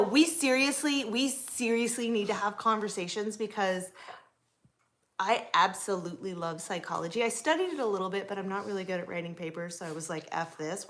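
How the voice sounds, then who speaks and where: Woman, 40s, from the US West Coast, chatty livestream host reading and answering viewers, mid-pitched voice. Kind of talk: casual livestream chat.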